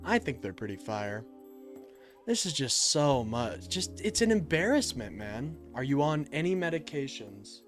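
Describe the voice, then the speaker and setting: A man's voice: medium pitch, very animated, unhurried, faint music behind. A young man hosting a political live stream, reading chat and answering it in a heated, exasperated way. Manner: heated, exasperated, swings between loud and muttered.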